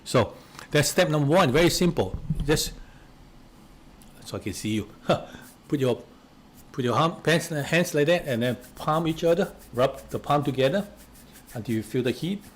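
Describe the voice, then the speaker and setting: A man leading simple relaxation exercises step by step. He talks hesitantly, restarts and repeats words, coughs now and then, and goes soft and quiet while guiding. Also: a little high, measured pace. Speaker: relaxation instructor.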